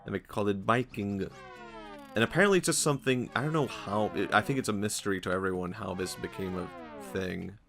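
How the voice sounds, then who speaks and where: A man with a low, gravelly voice rambles through casual gaming commentary. He jokes around and laughs often, with faint game music under him. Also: fast, few pauses. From Sweden. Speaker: streamer.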